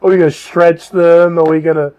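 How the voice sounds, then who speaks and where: A man's voice: flat delivery, fairly quick, dark tone, clean tone, natural voice. A man voicing a pack of small, sly, mischievous male garden gnomes in a whiny, pleading put-on voice. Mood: gleeful. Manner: high whiny pleading, stretched-out words.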